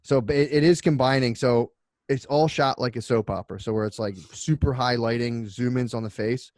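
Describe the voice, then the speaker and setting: A man's voice: steady tone, brisk, a little mellow, no room sound, clean studio sound. Rambling, laughing male podcast host. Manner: rambling, laughing, pitching bits in act-out voices. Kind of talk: casual comedy podcast chat.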